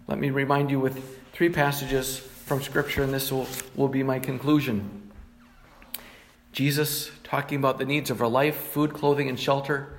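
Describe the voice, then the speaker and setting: A man's voice: medium pitch, steady tone, unhurried, a little hiss or hum. A middle-aged man, a pastor, preaching a sermon and reading scripture passages in a plain teaching tone.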